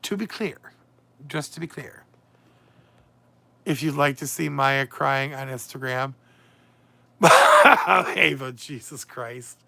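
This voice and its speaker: A man's voice: mid-range voice, fairly even intonation, unhurried, creaky, long pauses, sharp tone, no room sound. A man hosting a casual livestream, chatty and emotional, swinging between moods as he reads and answers his viewers' comments. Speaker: livestream host.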